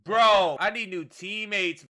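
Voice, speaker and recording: A young man streaming a game from his home setup, joking crudely in casual banter with sudden excited outbursts into a desk mic. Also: sits high, takes it slowly, background noise.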